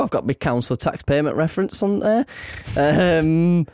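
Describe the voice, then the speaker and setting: A man's voice: fairly high pitch, animated, unhurried, darkish tone, clean tone, no room sound, clean studio sound. A man co-hosting a podcast, easygoing and rambling in casual chat. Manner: easygoing, rambling, laughs along. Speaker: podcast co-host.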